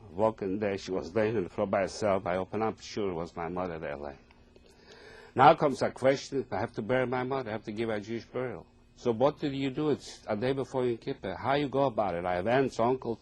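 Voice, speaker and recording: Older man, 80s, somewhat low and husky voice, earnest and halting oral history testimony. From Poland. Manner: halting, plain non-native phrasing, deeply earnest. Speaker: Holocaust survivor giving testimony.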